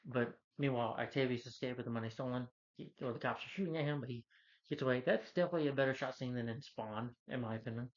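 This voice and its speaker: This film reviewer talks through a movie's plot at a quick pace, rambling and relying on fillers in his casual review. His voice is of ordinary pitch, captured on a dull, lo-fi recording.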